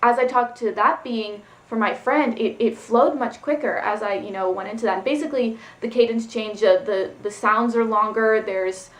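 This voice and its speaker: Woman vlogger, somewhat high voice, casual rambling story, echoey room. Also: normal speed, hardly any pauses. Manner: rambling, loose, full of "like" and "um". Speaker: spiritual vlogger. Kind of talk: casual personal storytelling vlog.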